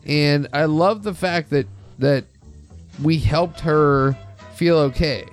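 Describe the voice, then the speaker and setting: Male podcast host, casual and rambling, curses a lot, restarts his sentences, soft music in the background. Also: a little high, takes it slowly. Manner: rambling, swears freely, frequent restarts. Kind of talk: casual chat.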